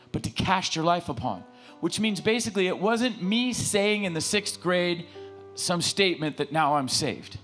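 A man preaching in a church, pleading and repeating his phrases with stammering restarts as he leads the room in prayer. His voice sits in an ordinary middle range. A guitar plays quietly underneath. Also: medium pitch. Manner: impassioned, repetitive, stammering restarts. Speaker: pastor. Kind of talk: sermon with altar call and prayer. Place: church sanctuary.

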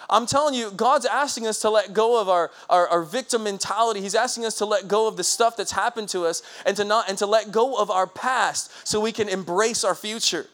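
Lively preacher man, high-pitched, talks to the crowd, jokes and acts out quotes. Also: fairly quick, hardly any pauses. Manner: lively, conversational preaching with laughs and acted-out quotes. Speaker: pastor. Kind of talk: sermon.

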